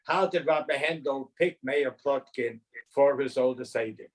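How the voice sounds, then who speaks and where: A man's voice: medium pitch, normal speed, rough recording. A man in his eighties from Canada, earnestly reminiscing in an interview with rambling anecdotes. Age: 80s.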